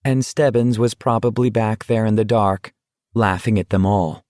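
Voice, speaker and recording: A man reading an audiobook as narrator in a measured, tense dramatic style. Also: fairly low pitch, fairly even intonation, darkish tone, dry recording, studio quality. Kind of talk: scripted narration.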